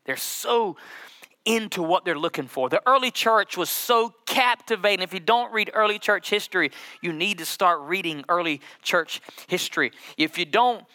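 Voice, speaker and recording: Bright-voiced lively pastor preaching. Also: male voice, high voice. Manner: lively, joking, drawls scripture slowly. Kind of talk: sermon. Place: church sanctuary with congregation.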